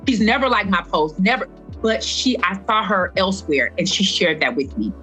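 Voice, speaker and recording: A woman's voice: mid-range voice, sing-song, normal speed, bright, forceful tone, faint music behind. A woman, a fitness instructor, speaking earnestly as a podcast guest and repeating phrases for stress. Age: adult past her twenties. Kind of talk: heartfelt podcast conversation.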